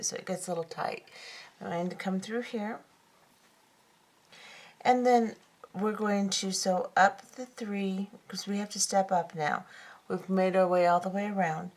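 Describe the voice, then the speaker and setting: Lower-voiced woman teaching beadwork, gravelly edge. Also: a little mellow. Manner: patient, methodical, repeats steps. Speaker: beading tutorial host. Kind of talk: step-by-step craft instruction.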